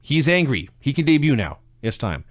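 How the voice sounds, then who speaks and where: A man's voice: medium pitch, sing-song, normal speed, no echo. Dry-humored man recapping wrestling. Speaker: podcast co-host. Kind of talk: casual chat recapping wrestling.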